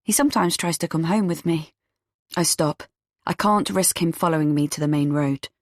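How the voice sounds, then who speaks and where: A woman reading a first-person audiobook in a tense, measured storytelling manner. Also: deep voice, no room sound, clean studio sound. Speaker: audiobook narrator.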